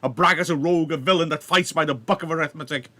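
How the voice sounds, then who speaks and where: A man voicing a wounded young male swordsman, bitter and mocking, loud and cursing as he reads the scene aloud. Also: high voice, moderate pace, dry recording, voice pushed up. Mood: bitter, raging.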